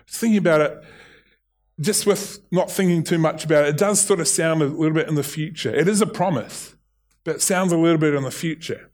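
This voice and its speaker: A man's voice: on the high side, a little fast, a little mellow. A middle-aged man with a New Zealand accent preaching a sermon, earnest, often restarting and repeating his words. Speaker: pastor.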